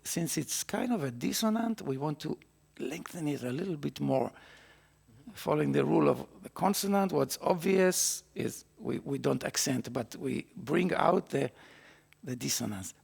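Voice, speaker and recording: A man's voice: on the high side, lively intonation, gravelly, a little mellow, breathy edge. A man teaching a trumpet master class, encouraging the student and singing phrases on syllables to show how they should go. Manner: sings phrases on syllables to demonstrate; encouraging, halting with restarts. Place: recording studio. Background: trumpet playing.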